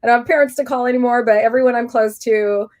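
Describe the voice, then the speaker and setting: A woman's voice: fairly high pitch, quick pace. Candid middle-aged woman telling her story. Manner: candid and animated, restarts often. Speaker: guest sharing her cancer story. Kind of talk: personal storytelling in an interview.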